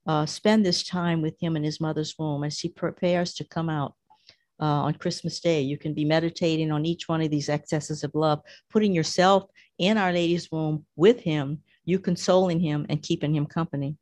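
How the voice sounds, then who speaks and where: A woman's voice: deep voice, a little mellow, no room sound. A woman reading a devotional text aloud and reflecting on it for listeners. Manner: reads aloud, then explains to listeners. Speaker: devotional reader.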